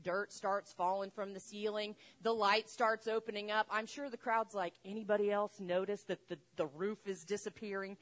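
A woman preaching a sermon, retelling a story with lively acted-out voices. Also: medium pitch. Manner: animated, acts out voices in the story. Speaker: pastor.

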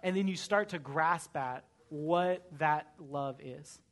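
Earnest young pastor preaching casually. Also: male voice, on the high side, slow pace. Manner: earnest, conversational, frequent "right?" tags. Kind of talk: sermon.

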